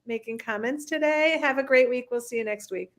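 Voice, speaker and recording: A woman's voice: a little high, fairly quick. A middle-aged woman hosting a casual parenting chat, candid and self-mocking about her own habits. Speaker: host.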